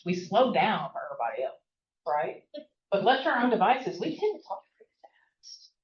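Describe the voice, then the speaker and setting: A very animated woman with a medium-pitched voice is heard on a muffled, reverberant recording. She's a Southern college professor leading an interactive classroom workshop, fast-talking and chatty, with frequent "right?" tags.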